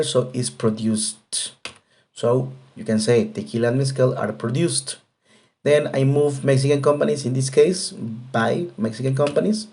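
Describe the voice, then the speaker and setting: Patient, mellow-voiced male English teacher. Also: mid-range voice. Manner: patient, repetitive explanation with frequent fillers. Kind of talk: grammar lesson explanation.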